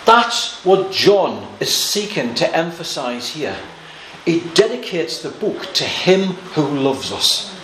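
A man preaching a sermon, telling a story with asides and little laughs, and slowing down to stress key words. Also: on the high side, very animated, bright, forceful tone, reverberant, a little hiss or hum, low-quality recording.

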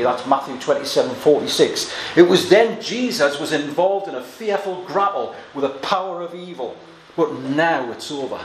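A man preaching an expository Bible sermon, earnest, moving between quiet reading of scripture and emphatic exclamations. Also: a little high, lively intonation, moderate pace, hardly any pauses. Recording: echoey room with faint ambient noise.

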